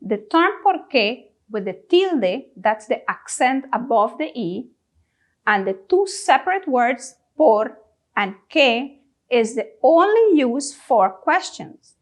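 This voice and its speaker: Woman teacher, slow deliberate drills, pauses for repetition, lively rising voice, somewhat high. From Guyana. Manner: drills words, pausing for repetition. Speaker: language teacher. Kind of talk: slow, deliberate classroom instruction.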